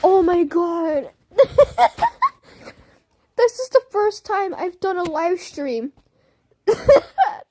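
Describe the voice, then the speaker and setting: A woman's voice: very high-pitched, animated, slow, pauses often, warm tone, dry recording. A young woman chatting on a livestream, laughing constantly in a giggly, silly way. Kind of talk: casual livestream chat.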